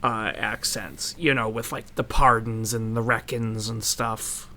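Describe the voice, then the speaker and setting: A man from the southern Midwest with a Midwestern accent tinged with Southern drawl, co-hosting a casual podcast chat with lots of laughing and quick asides. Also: fairly low pitch, level tone, sharp tone. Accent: Midwestern American with Southern influence. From southern Midwest, USA. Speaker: podcast co-host.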